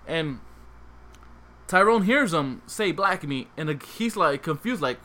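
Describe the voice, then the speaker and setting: Animated man telling a bawdy story. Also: fairly high pitch, fairly quick. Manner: animated, acts out voices. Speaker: podcast host. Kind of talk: casual comic storytelling.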